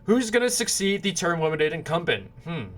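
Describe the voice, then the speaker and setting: A man's voice: on the high side, animated, a little fast, fairly bright tone. A man giving casual political predictions, rambling, often restarting and apologizing when he stumbles over names. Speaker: political commentator.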